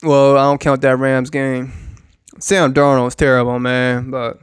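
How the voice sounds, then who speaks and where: A man's voice: medium pitch, level tone, measured pace, clear, resonant tone, no echo, clean studio sound. A young adult man ranting about sports as a YouTube commentator, casual, sarcastic and profane, repeating phrases for emphasis.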